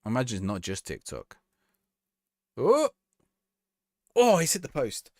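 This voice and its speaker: A man's voice: mid-range voice, wildly swooping pitch, quick pace, darkish tone, dry recording, clean studio sound. Chatty man live-streaming. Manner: chatty, laughing, reacting to the match. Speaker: livestreamer. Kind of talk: casual live-stream chat.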